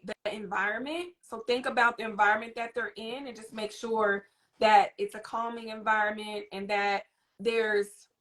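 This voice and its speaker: A woman hosting a parenting talk, explaining in a lively, teacherly way and addressing the audience directly. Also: mid-range voice. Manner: animated, teacherly, demonstrates a soothing voice. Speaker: host and parenting coach. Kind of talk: live interview chat.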